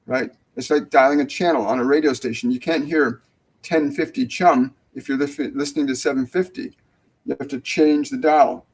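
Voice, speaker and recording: A man hosting a live mediumship show, relaying messages gently and hesitantly, with many fillers and restarts. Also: a little high, slightly rough, poor audio. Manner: soft, dropping almost to a whisper when relaying tender messages. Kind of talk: casual live mediumship reading.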